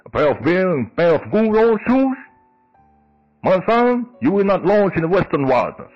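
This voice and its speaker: Loud, exaggerated Southern cowboy father, folksy old man, put on by a male podcaster, faint music behind. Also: very animated, normal speed, lo-fi sound. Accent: put-on Southern American drawl. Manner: loud, high, exaggerated drawl.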